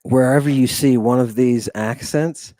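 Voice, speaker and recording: A man's voice: mid-range voice, steady tone, measured pace, dark tone, dry recording. A man teaching a Greek class, theatrical and emphatic, stretching key words, often asking the room "right?" and sighing in exasperation. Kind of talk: classroom lecture.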